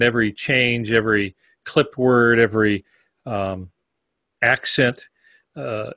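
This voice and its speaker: A man co-hosting a podcast on fiction writing, explaining points in a relaxed, thoughtful way with examples. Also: fairly low pitch, no echo. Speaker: podcast co-host. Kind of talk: casual podcast discussion on writing.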